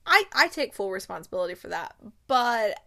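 A woman's voice: medium pitch, big pitch swings, fairly quick, creaky, bright, forceful tone. A young woman chatting casually about books she has read, gushing and rambling with many fillers and restarts. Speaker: book reviewer. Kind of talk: casual book review chat.

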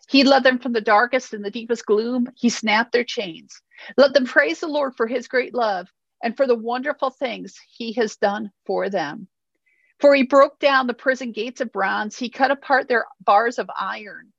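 Earnest woman preaching, bright pitch. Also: creaky, no echo. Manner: earnest, encouraging, frequent "okay?" check-ins. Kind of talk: sermon with scripture reading. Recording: slightly muffled, dry.

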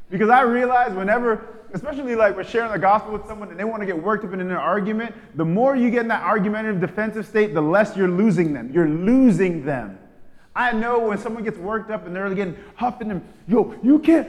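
A man delivering a sermon as a preacher in a casual, slangy way, swinging between loud emphatic lines and soft hushed asides. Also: a little high. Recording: long hall reverb.

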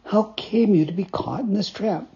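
A woman voicing a kindly female glowworm who gently lectures, with a husky voice. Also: medium pitch, normal speed, pitched above the performer's own voice. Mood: gently scolding. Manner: gentle, moralizing. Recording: dull lo-fi recording.

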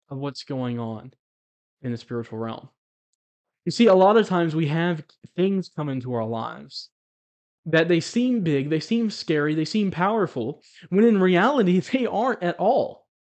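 Man, faith testimony, lively swooping pitch, storytelling, chuckles, preachy. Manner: animated, chuckles as he tells it; preachy exhortation. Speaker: Christian video blogger.

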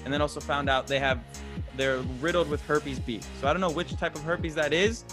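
Over music, a young Florida man co-hosting a podcast rambles through casual chat, heavy on fillers and quick to laugh. His voice is fairly high with a steady tone, moving a little fast.

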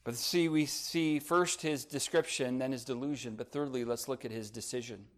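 A man preaching a sermon, rising to emphatic peaks and dropping to quiet, soft passages, and reading scripture aloud. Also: medium pitch, normal speed. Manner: reads scripture in old-style phrasing. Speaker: pastor.

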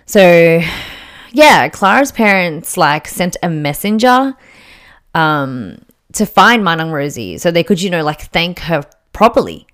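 A woman's voice: fairly low pitch, big pitch swings, measured pace, fairly bright tone. A young woman telling a story casually, chatty and full of fillers and jokey asides.

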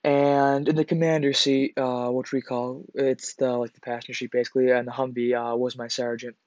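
A man's voice: mid-range voice, level tone, a little fast, darkish tone, no echo. A man hosting a podcast, casually telling a personal story in a rambling, profane way, full of fillers and restarts. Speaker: podcast host. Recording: slightly dull lo-fi recording.

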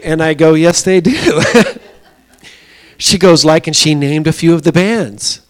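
A man giving a sermon at a small church, telling a story conversationally with pauses and fillers. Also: on the high side, smooth. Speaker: pastor.

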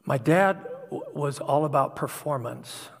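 Middle-aged guy preaching, kinda husky, voice ringing around a big church hall. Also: a little high, unhurried. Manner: earnest, confessional storytelling. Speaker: pastor. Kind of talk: sermon. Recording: long hall reverb.

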